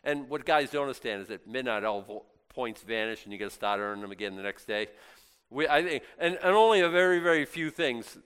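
A man preaching a casual, humorous sermon, swinging between loud bursts and hushed asides, with frequent stammered restarts. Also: medium pitch, expressive, brisk, clear, resonant tone. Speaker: pastor.

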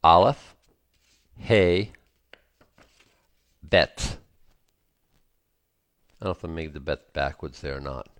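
A man teaching a Bible study, reading scripture aloud and then explaining it in an unhurried way, with frequent ums and small asides. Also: a bass voice, a bit bright, no echo. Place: indoors, presenting to a screen.

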